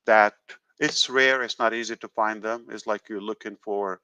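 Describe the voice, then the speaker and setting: Halting low-voiced man on a live call. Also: steady tone, pushed and bright, clean tone, no echo. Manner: halting, many fillers and restarts. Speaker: company founder hosting a live call. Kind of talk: casual live call talk.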